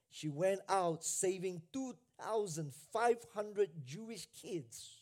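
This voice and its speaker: A male pastor with a high voice delivers a sermon at an unhurried pace. He repeats phrases for emphasis and swings from near-hushed lines to loud, shouted ones. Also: lively intonation.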